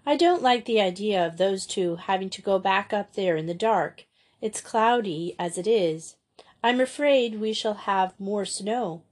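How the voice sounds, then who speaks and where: A woman reading aloud voices a caring young woman, an older sister figure, who speaks gently but firmly. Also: medium pitch, unhurried, natural voice. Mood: gentle.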